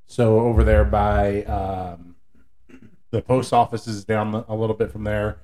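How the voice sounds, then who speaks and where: A man co-hosting a casual podcast, talking in an easygoing, rambling way. His voice sits a little low with a mellow, dark tone. He pauses on fillers while he explains things at length. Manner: relaxed, rambling, many fillers. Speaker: podcast co-host. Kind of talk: casual chat.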